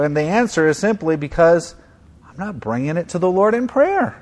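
A man preaching a sermon, with a voice sitting somewhat high for a man. He talks earnestly and conversationally, drops to soft tones, then presses points with emphasis. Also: lively intonation, normal speed. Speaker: pastor.

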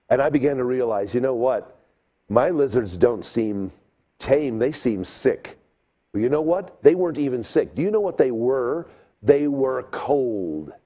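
A middle-aged man telling a childhood story to an audience, lively and acting out voices and sounds. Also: mid-range voice. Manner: animated, acts out voices and sounds.

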